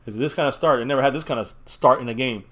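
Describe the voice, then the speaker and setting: A man co-hosting a live football watch party whose voice is going hoarse, reacting loudly to plays and swearing in casual chat. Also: mid-range voice, fast talker. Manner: excitable, loud outbursts at big plays, swears. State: voice getting hoarse. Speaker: co-host of a fan watch-party stream.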